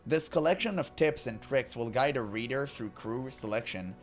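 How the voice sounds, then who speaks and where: A man's voice: medium pitch, expressive, normal speed. A man casually reading in-game books aloud and joking between passages, with faint music behind him. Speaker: gaming commentator.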